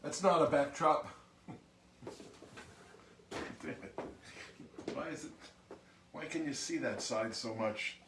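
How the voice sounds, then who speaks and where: A man's voice: mid-range voice, takes it slowly, pauses often, fairly bright tone, far from the mic, a little hiss or hum. A man hosting a music livestream, chatting casually and greeting viewers one by one by name. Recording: roomy sound from off mic.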